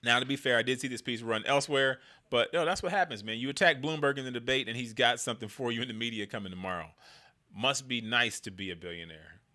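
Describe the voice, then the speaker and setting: A man's voice: mid-range voice, fast, sharp tone. A man giving casual political commentary in a slangy, conversational way, riffing loosely as he goes.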